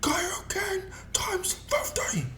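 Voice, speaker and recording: A man voicing a calm, confident young male alien martial artist with pitched-up battle taunts. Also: extremely slow, slight background noise, exaggerated voice. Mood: cocky. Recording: echoey room, faint music.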